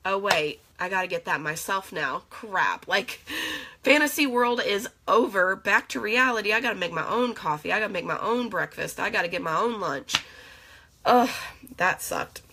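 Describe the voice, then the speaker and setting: Young woman rambling in her home vlog, bright voice, emotional n chatty, lots of likes and ums. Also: medium pitch, expressive, moderate pace, breathy edge. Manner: emotional, chatty, full of fillers. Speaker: vlogger. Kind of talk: casual reflective vlog.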